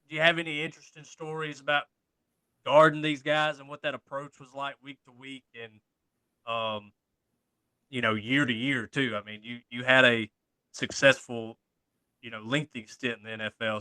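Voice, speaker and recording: A man's voice: mid-range voice, bright, forceful tone, smooth, dry recording, rough recording. A man hosting a podcast as a coach, asking casual, hesitant questions with many fillers.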